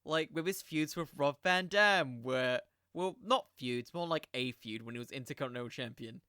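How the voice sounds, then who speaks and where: A man's voice: mid-range voice, moderate pace, sharp tone, clear, resonant tone, no echo, studio quality. A young man hosting a podcast, talking in a casual, rambling monologue that keeps drifting onto tangents. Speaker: podcast host.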